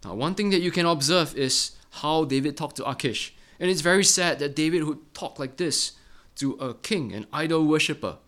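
A middle-aged man preaching a Bible-study sermon in an earnest way, often ending phrases with a quick "right?". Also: a little high, lively intonation, a bit bright. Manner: earnest, ends many phrases with a tag question "right?".

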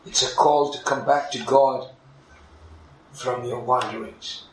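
A man preaching a sermon as a pastor, in animated delivery that swings from loud, soaring climbs to near-whispers, with non-native English grammar as he acts out conversations. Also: mid-range voice, slow pace, roomy sound, slight background noise, low-quality recording.

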